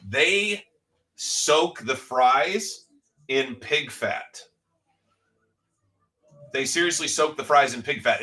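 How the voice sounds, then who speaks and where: On a livestream card break, the middle-aged host spins a joking, easygoing story with the occasional curse. His voice sits mid-range, bright and forceful, and the recording is poor, from a mic set far off.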